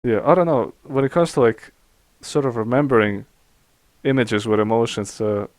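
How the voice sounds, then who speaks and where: A man's voice: medium pitch, normal speed, dry recording. A man co-hosting a podcast in casual chat, hesitant and searching for his words. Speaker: podcast co-host.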